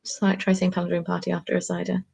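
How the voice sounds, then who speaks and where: A young woman hosting a live craft stream, chatting in a bubbly, excitable way. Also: fairly low pitch, very fast, creaky, breathy edge. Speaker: craft channel host. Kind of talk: casual live-stream chat.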